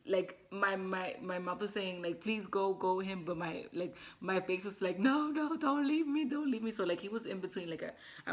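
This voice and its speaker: A young woman vlogger telling a personal story to the camera in casual chat, emotional and teary, full of "like" fillers. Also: on the low side. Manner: emotional, talks with many "like" fillers.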